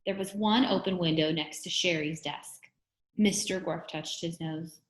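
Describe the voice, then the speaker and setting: A woman's voice: on the low side, a little slow. A woman reading a children's chapter book aloud, acting out the characters' lines with expression. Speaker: reader. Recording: roomy echo.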